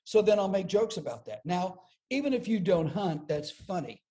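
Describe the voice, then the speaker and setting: A man's voice: sits high, normal speed. A man who is a comedian, talking on a podcast interview and telling stories with lots of energy, often repeating words as he builds up a joke. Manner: animated storyteller, repeats words as he builds jokes. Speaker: comedian guest.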